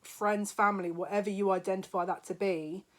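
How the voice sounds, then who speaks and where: A woman delivers a spiritual psychic reading straight to her viewers. Her voice sits at a middle pitch, and she speaks emotionally, sounding close to tears at times. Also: fairly even intonation, brisk. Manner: emotional, laughing, tearful at moments. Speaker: psychic reader. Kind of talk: spiritual card reading to camera.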